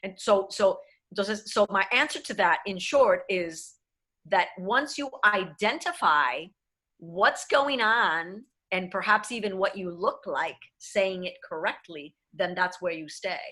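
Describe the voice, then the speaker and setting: A woman's voice: medium pitch, expressive, a little slow, pushed and bright. A woman, an acting and diction coach answering questions in an online workshop, slipping between English and with emphatic phrasing. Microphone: video call.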